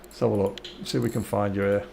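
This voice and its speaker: A man's voice: on the low side, flat delivery, fast talker, creaky, dark tone, slight background noise. A middle-aged man, chatting casually to viewers while live-streaming a game, friendly and stumbling over his words.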